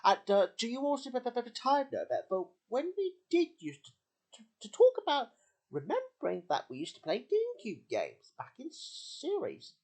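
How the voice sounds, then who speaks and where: A man's voice: very high-pitched, wildly swooping pitch, moderate pace, a little mellow. A man hosting a homemade puppet show, talking in a rambling way with many slips and restarts. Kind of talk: casual chat.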